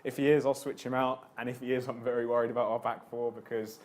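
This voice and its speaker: A man's voice: medium pitch, level tone, a little mellow. A man on a sports panel rattling through figures and reasons for his fantasy football picks. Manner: quick, stat-heavy talker. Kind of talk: casual sports chat.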